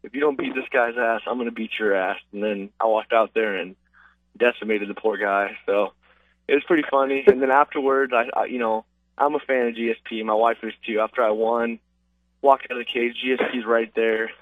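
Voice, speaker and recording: Speaking a little fast with little pitch movement, this mid-range male voice belongs to an MMA fighter who rambles casually through stories, packed with fillers. It's a phone interview heard over a distant, tinny line.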